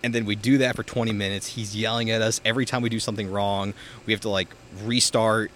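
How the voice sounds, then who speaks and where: Young guy, casual backyard podcast host, lowish voice, rambly storyteller, faint traffic behind. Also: flat delivery, fast, fairly bright tone. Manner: rambling storyteller, heavy filler words and swearing. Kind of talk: casual chat. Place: outdoors in a backyard.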